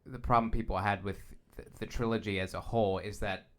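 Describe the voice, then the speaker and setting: A man co-hosting a podcast in casual fan discussion, speaking thoughtfully with halting restarts. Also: on the low side, fairly even intonation. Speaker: podcast co-host.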